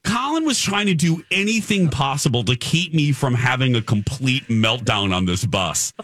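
A man's voice: mid-range voice, moderate pace, no room sound. Exasperated male radio storyteller. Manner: animated, exasperated storytelling with many restarts. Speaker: radio show host. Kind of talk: comic storytelling on a radio talk show.

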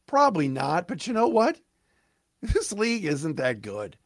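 A man hosting a sports podcast, ranting excitedly with stumbling restarts, his voice cracking. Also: a little high, no echo, studio quality. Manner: fired-up, rapid, stumbling restarts.

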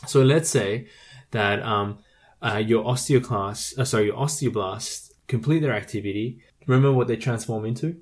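A man's voice: medium pitch, normal speed. A young man in his twenties, a medical student co-hosting a podcast, explaining in a casual way with ums and self-corrections. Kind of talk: casual educational chat.

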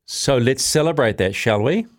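A man hosting a sports radio show with playful, teasing banter. His pitch swings widely and animatedly around a middle register. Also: animated, normal speed, very noisy. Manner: playful, teasing, laughs often. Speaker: radio host.

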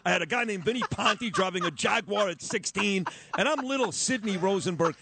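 A man hosting a morning radio show, telling stories quickly and laughing often; he grew up in Brooklyn, New York. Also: high voice, vocal fry, noisy background. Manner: animated, quick storytelling with laughs. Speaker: radio host.

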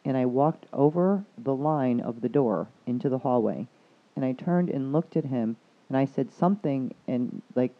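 A woman chatting casually about energy and spirituality, telling a rambling story and quoting others with a lively voice. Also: very deep voice, unhurried, few pauses. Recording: tinny phone-like line.

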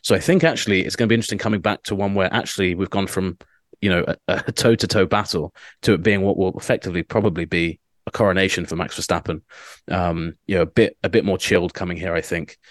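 An Englishman co-hosting a casual motorsport chat, his low voice rattling along quickly. He rambles with fillers and restarts. The sound is dry and close. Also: fairly even intonation, no room sound. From England. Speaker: motorsport journalist, co-host. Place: hotel room on location.

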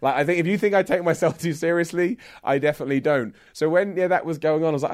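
A man's voice: a little high, fast talker, a little mellow. A young Englishman with a Luton accent, a guest in a casual interview, rambling, joking about himself and laughing often. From England. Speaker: interview guest, wrestling presenter.

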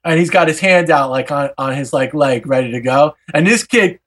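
A man hosting a podcast, telling a wild story in a casual, animated way, swearing freely and acting out every character. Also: on the high side, normal speed. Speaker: podcast host.

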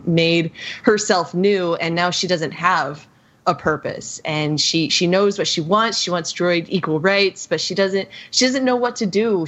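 Role: podcast guest. Sex: woman. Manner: giggly, lower-pitched voice. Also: muffled recording. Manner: warm-hearted, giggly, with frequent restarts and fillers. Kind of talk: casual film discussion.

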